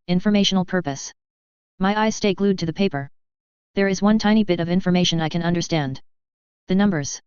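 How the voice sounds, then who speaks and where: A woman reading a story in first person in an even, measured way, on slightly dull lo-fi audio. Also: on the low side, clear, resonant tone, no room sound. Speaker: audiobook narrator. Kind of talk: scripted first-person narration.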